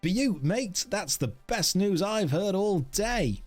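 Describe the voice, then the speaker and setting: Brief: streamer doing a chirpy, slangy Australian NPC, pitched up, faint music behind. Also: male voice, animated, takes it slowly, full character voice. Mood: cheery. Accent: put-on Australian. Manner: exaggerated slangy drawl, reading NPC lines aloud. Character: cheery Australian museum man, game NPC.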